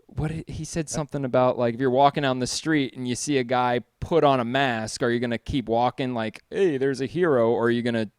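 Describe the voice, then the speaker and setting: A man co-hosts a casual chat with a smooth, resonant voice, rambling and swearing freely as he retells stories. The sound is dry and close. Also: medium pitch, a little fast, hardly any pauses, dry recording. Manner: rambling, profane, animated retelling. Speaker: co-host.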